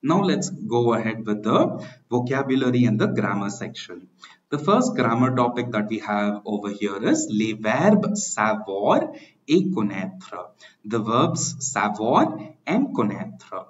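A man's voice: fairly low pitch, big pitch swings, unhurried, lo-fi sound. A man teaching French grammar in English, explaining patiently and spelling out words letter by letter. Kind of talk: grammar lesson.

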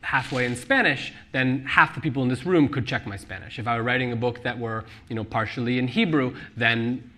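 A man talking about his novel on stage at a live book event, animated and quick to laugh, with many restarts. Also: medium pitch. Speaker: author discussing his novel. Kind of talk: live onstage book talk. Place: live event venue with audience.

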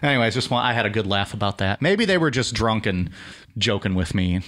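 A man's voice: on the low side, animated, a little fast, fairly bright tone. A man co-hosting a podcast, joking in casual banter and rambling with lots of fillers. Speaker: podcast co-host.

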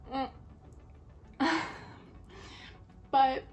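Young female vlogger, high voice, under the weather, rambling and self-deprecating, faint music behind. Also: moderate pace. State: sick, stuffy voice. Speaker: beauty vlogger. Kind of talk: casual makeup tutorial chat.

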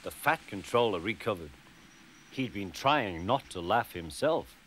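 Slow, lively male storyteller. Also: on the low side, slight background noise. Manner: gentle, expressive storytelling. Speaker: narrator. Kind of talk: storybook narration. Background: music.

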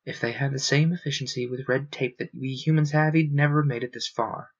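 A man narrating a novel aloud in a steady storytelling manner, on a dull lo-fi recording. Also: mid-range voice, a little fast. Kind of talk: book reading aloud.

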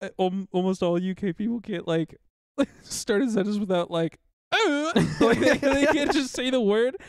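A woman's voice: mid-range voice, lively intonation, dry recording, studio quality. A woman co-hosting a casual movie commentary, teasing and laughing as she talks. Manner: laughing, teasing, quick asides.

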